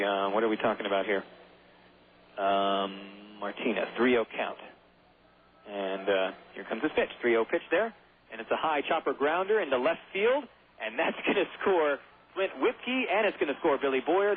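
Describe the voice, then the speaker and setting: Hoarse, chatty baseball radio announcer, a man. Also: medium pitch. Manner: chatty, rambling, self-deprecating asides. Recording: tinny phone-like radio broadcast.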